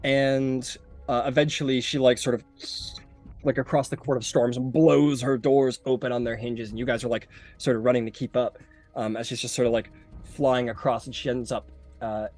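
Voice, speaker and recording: A man's voice: medium pitch, little pitch movement, normal speed, a little mellow, faint music behind. A man narrating a tabletop game as game master, casual and rambling with many fillers.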